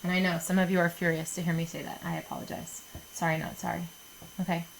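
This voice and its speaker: A woman's voice: lowish voice, level tone, fast, gravelly, slight background noise, low-quality recording. A woman chemistry teacher recording a lesson for her students, chatty and jokey, often checking in with "okay?".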